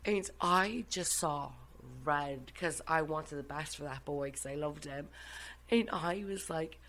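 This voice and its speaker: Lively Irish woman telling a story. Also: deep voice, unhurried, slight background noise, poor audio. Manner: animated, swearing, laughing often. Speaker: guest. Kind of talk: casual storytelling.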